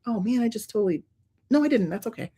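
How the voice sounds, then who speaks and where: A woman with a slightly raised pitch hosts a casual card-making stream. She talks her way through each step, laughing often and gushing openly as she thinks aloud. Her delivery is loose and conversational, full of warm asides. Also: animated, quick pace, noisy background. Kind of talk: casual crafting demonstration.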